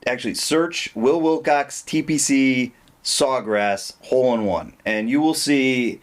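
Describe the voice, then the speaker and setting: Teasing podcast host with short prompts. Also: male voice, mid-range voice, measured pace. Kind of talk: casual podcast chat.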